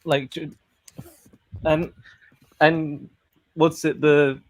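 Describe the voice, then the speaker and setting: Halting young man on earbuds. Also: on the high side, flat delivery. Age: young adult. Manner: halting, searching for words. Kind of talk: casual online chat. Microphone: wireless earbuds.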